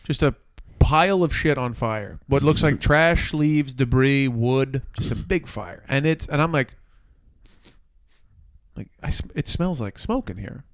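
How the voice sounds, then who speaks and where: A man co-hosting a casual podcast, telling a neighbor story with lively play-acting of each person. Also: medium pitch, unhurried, no room sound. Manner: animated storyteller, acts out neighbors with a put-on accent. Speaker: podcast co-host. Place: city apartment.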